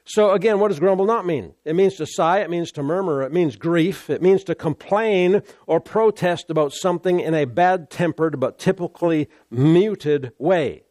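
Male preacher, somewhat high voice, stresses points by repetition, dry close recording. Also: a little mellow, no room sound. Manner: repetitive, emphatic preaching with pauses. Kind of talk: sermon.

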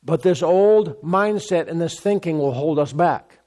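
A man preaches a sermon in a fairly high voice. He presses his points by repeating phrases and often restarts mid-sentence. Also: animated, measured pace, a little mellow.

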